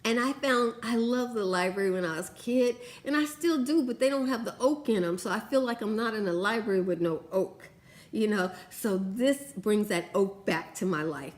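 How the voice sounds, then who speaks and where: Gushing, chatty woman vlogger. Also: normal speed. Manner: chatty and gushing, lively swings in pitch. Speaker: beauty vlogger. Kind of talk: casual product review chat.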